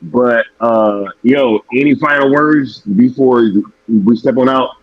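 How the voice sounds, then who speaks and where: A man's voice: medium pitch, slow pace, no echo, dull audio. A man hosting a casual live stream, laid-back and slangy, losing his voice.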